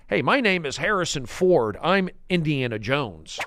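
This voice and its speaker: A man's voice: on the high side, big pitch swings, measured pace, fairly bright tone, slight background noise, heavily acted. A man doing an impression of a touchy male movie action hero, brash and challenging.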